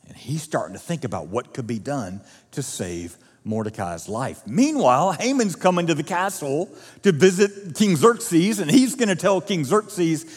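A man's voice: on the high side, animated, normal speed, slightly rough, in a large hall. A male pastor preaching a sermon, retelling a story vividly with casual asides to the congregation. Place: church auditorium.

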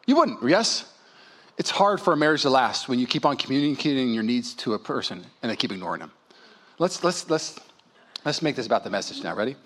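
A young man preaching a sermon as a pastor, animated and storytelling, acting out little scenes in character voices. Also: mid-range voice, fairly quick. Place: church auditorium.

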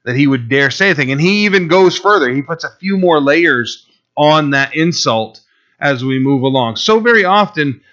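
A man's voice: on the high side, expressive, moderate pace, fairly bright tone, dull audio. A man preaching a sermon in a conversational way, sometimes acting out the voices of Bible figures. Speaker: pastor.

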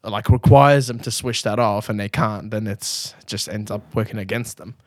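A man's voice: fairly low pitch, moderate pace, no room sound, studio quality. A man co-hosting a podcast over a call, chatting bluntly and crudely with many restarts. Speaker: podcast co-host. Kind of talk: casual chat. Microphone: remote call mic.

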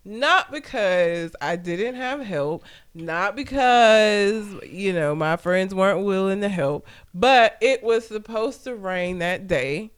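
A man's voice: high voice, animated, takes it slowly, hardly any pauses, a bit bright, clean tone. A man co-hosting a casual chat show, telling stories from work in a blunt, profane way and laughing often. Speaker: podcast co-host.

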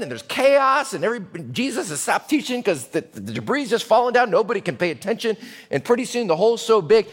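A male pastor delivers a storytelling sermon with dramatic swings from hushed to loud. His voice sits slightly high. A long hall reverb trails every phrase.

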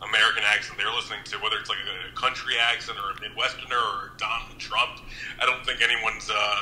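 Bright-voiced man in casual banter. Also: fairly low pitch, steady tone, fast talker, poor audio. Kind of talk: casual chat. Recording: faint background noise.

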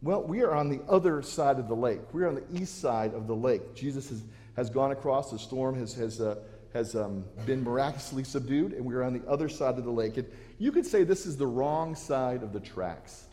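In a church sanctuary, a male pastor preaches with a mellow, warm voice pitched in the ordinary range. His delivery is earnest and expressive, fairly quick with few pauses, and he often starts phrases over while a long hall reverb follows each line.

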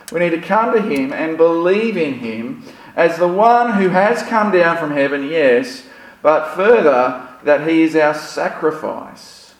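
A man's voice: on the high side, reverberant, low-quality recording. A man preaching a sermon. He talks conversationally and uses rhetorical questions and light humor. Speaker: pastor. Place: church.

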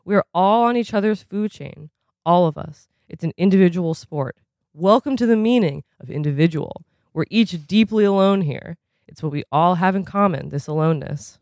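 A reader voicing a brooding, philosophical teenage boy at a tennis academy, in a musing, drawn-out way. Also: mid-range voice, darkish tone, dry recording, clean studio sound, close to an everyday voice.

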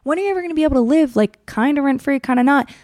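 A young adult podcaster delivers a rapid-fire storytelling monologue, chatty and frank, acting out what people said and swearing without hesitation. Her voice is high-pitched with a darkish tone, recorded at studio quality with no echo.

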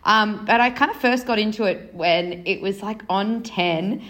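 A woman joins a podcast as a guest and chats casually. She rambles, filling her talk with "like", in a mid-pitched voice. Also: a little slow, a bit bright. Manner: rambling, lots of "like". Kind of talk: casual chat.

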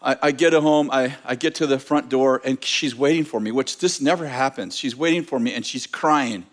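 A middle-aged pastor with a mid-range voice preaches a sermon at a moderate pace. He's an animated storyteller, sharing a personal anecdote with self-mocking humor, often restarting sentences and repeating words as he begins them.

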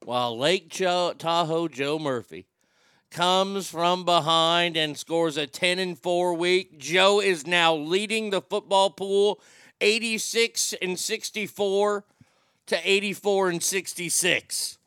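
A man with a high, bright voice hosts a loose, jokey live show. He reads out messages from viewers and answers each one with a wisecrack. The sound is clean, dry and close. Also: slow, clear, resonant tone, no echo. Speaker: show host reading chat messages. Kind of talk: casual live-show chat.

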